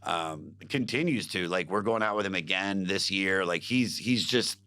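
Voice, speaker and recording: A man's voice: sits low, lively intonation, normal speed, sharp tone. A man, a comedian, telling stories in a casual podcast chat, swearing freely and acting out what others said. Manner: swearing storyteller, acts out quotes. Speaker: comedian guest.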